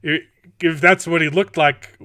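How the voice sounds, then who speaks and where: A man hosting a casual chat, sarcastic and animated, often reading show lines aloud. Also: a little high, measured pace. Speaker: podcast host.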